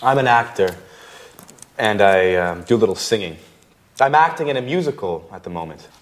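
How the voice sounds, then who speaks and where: An actor playing a deep-voiced neighbour. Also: male voice, lively intonation, moderate pace, natural voice. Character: easygoing male actor and singer neighbour. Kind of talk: scripted learner drama.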